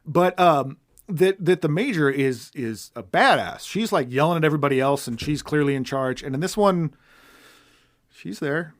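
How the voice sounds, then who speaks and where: A man's voice: a little high, animated, normal speed. A man co-hosting a podcast, chatting casually about a film and thinking aloud as he critiques it. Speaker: podcast co-host. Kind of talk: casual film-review chat.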